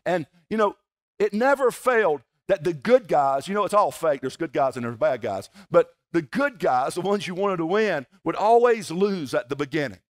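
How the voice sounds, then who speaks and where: A pastor from South Georgia with a Southern US accent, preaching a folksy, conversational sermon at a church service, with playful asides to the congregation. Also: male voice, a little high, expressive, moderate pace. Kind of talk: sermon with prayer and personal storytelling.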